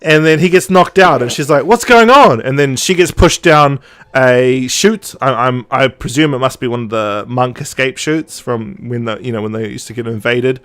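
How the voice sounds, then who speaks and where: This podcast host has a clean-toned, medium-pitched male voice and a moderate pace. He retells a story in relaxed conversation, animatedly performing the dialogue and laughing along.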